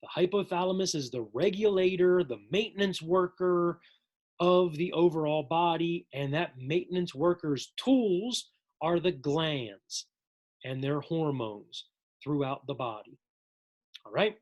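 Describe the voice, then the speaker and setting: A man's voice: fairly high pitch, a little slow, darkish tone, highs cut off. A man teaching a psychology lesson in a casual, jokey recorded lecture, addressing his viewers as folks.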